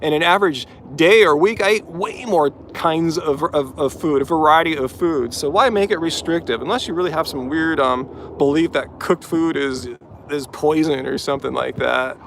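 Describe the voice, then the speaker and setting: Vegan host, male, slightly high voice, live chat Q&A outside after a run, argumentative and chatty, faint traffic behind. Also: moderate pace, fairly bright tone. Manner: talkative, pointed, rebutting commenters. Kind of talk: live-stream Q&A.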